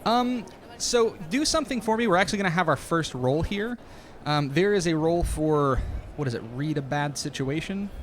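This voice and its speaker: A man's voice: fairly high pitch, expressive, normal speed, few pauses, slight background noise. A man narrating a tabletop game as game master, in a casual, filler-heavy way.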